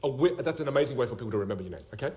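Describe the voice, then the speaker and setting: A man teaching an interactive online class as a public speaking coach. He talks in an animated way, laughs a lot and acts out little scenes as he explains. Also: medium pitch, rapid-fire. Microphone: video call. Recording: dull lo-fi video call audio.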